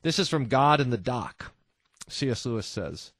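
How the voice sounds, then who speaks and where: A man hosting a casual religious talk show, reading listener quotes and mimicking people in quick asides. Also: mid-range voice, no echo, studio quality. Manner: animated, mimics voices in asides. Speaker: host.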